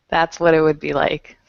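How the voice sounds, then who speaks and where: A woman's voice: low-pitched, gravelly, no room sound. A chatty woman leads an online English conversation class and rambles along with frequent laughter. Her voice comes through an earphone headset on a video call. The sound is slightly muffled and very dry, with no room around it. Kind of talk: casual online class chat.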